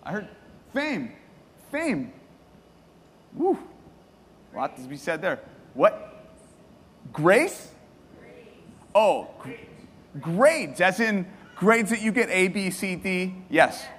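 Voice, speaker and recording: A man preaching a sermon to a congregation, lively and joking, asking them questions and repeating their answers. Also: sits high, in a large hall. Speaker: pastor. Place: church hall.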